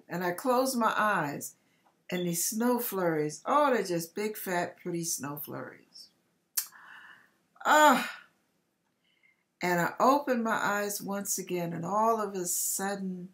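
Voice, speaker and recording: A woman's voice: mid-range voice, animated, a little slow, a bit bright. A woman hosting her own channel, telling a heartfelt personal testimony and sometimes close to tears. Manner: emotional, heartfelt storytelling with quoted exclamations. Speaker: host.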